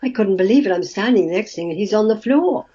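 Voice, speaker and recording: Older actress guest, mellow husky voice, animated storyteller, muffled call audio. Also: female voice, medium pitch, fast talker. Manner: lively storytelling, laughs often. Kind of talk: casual interview chat. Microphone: video call.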